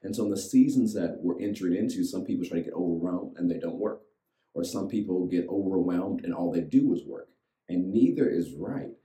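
Male pastor, low dark voice, rhythmic call-and-response sermon, echoey room. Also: expressive, a little fast. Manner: rhythmic repetition, leads audience in reciting.

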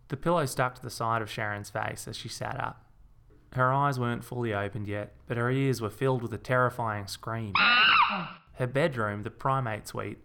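Brief: male storyteller, dry deadpan delivery, gravelly texture. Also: medium pitch. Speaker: narrator. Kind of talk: comic audiobook narration.

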